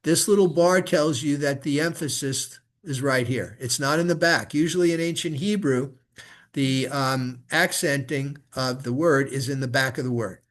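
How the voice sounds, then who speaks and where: A man teaching a student to chant Hebrew scripture, patiently modeling each word for her to repeat. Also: mid-range voice. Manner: patient, slow, models words for repetition. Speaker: rabbi teaching Torah reading. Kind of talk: one-on-one lesson on chanting.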